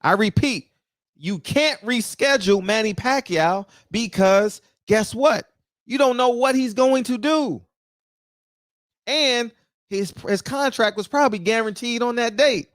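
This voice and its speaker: High-voiced man ranting, dry close sound. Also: unhurried, no echo. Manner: animated, preachy, talks straight to the viewers. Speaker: boxing commentator. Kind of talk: casual opinion rant.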